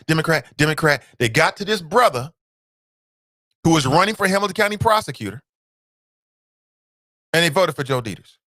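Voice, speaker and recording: A male talk show host from Cincinnati, delivering animated solo commentary full of repeated rhetorical questions and sudden high exclamations. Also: no room sound, studio quality. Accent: Cincinnati, Ohio.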